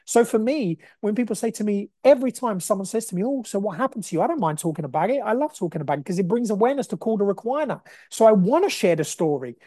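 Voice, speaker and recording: A young man hosting a solo podcast, talking in an emphatic, energetic, motivational way. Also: high voice, fast, hardly any pauses, no room sound, studio quality. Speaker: podcast host.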